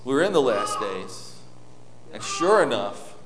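A man's voice: mid-range voice, big pitch swings, slow pace, background noise. Man preaching in a reverberant hall. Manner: informal, anecdotal, with many restarts. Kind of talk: conversational sermon. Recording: echoey hall with long reverb.

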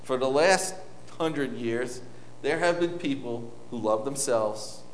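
A male preacher talks to his congregation in a relaxed, storytelling way, stumbling and restarting as he goes. His voice sits at an ordinary pitch. It rings out through a large hall with a long, echoing reverb. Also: slow pace, slight background noise. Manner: informal, anecdotal, with many restarts. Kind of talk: conversational sermon.

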